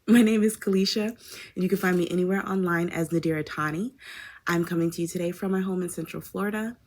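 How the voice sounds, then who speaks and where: A woman's voice: lowish voice, steady tone, fast talker. A woman hosting her craft podcast from home, chatting casually and wandering with filler words. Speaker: podcast host. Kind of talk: casual chat.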